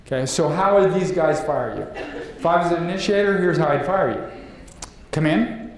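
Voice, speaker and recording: A man giving a lively live seminar to an audience, asking the room questions and acting out quotes. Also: a little high, fairly quick. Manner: animated, acts out quotes, asks the room questions. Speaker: leadership trainer. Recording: very echoey room, faint noise.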